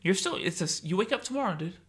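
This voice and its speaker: A man rambling on a casual podcast, spinning wild hypotheticals and saying "dude" at every turn. His voice is gravelly and husky, sitting slightly high for a man. He often drops into hushed, whispered asides when acting out other people. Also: animated, racing. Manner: rambling, says "dude" constantly, acts out scenarios in hushed voices. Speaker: podcast co-host. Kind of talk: casual chat.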